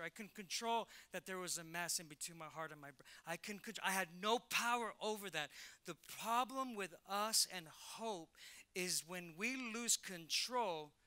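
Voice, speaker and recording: A middle-aged male pastor with a high-pitched voice preaches a lively sermon, acting out Bible characters using casual slang.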